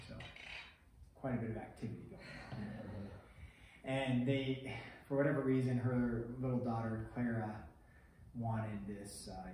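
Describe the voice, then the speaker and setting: A man's voice: on the low side, dark tone, slight background noise. A man teaching math to a class in a casual, chatty way, telling a story between examples. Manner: chatty, storytelling, laughs easily. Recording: echoey classroom, distant mic.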